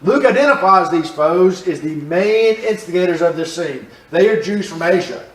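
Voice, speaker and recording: Animated male Bible teacher, roomy church. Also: sits high, moderate pace. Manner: animated, asks the class questions, repeats phrases. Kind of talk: Bible class teaching with audience questions. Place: church room. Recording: roomy echo, mic at a distance.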